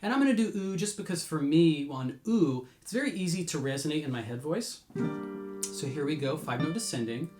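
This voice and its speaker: A man teaching singing warm-ups, explaining patiently between sung demonstrations. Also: expressive, brisk, reverberant, music in the background. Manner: explains patiently, breaks into high sung demos. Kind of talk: vocal lesson with sung demonstrations.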